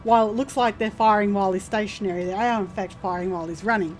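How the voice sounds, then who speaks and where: A woman's voice: mid-range voice, fairly even intonation, fast talker, soft background music. A woman streaming a video game, thinking aloud casually and explaining its mechanics as she plays. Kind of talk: casual gameplay commentary.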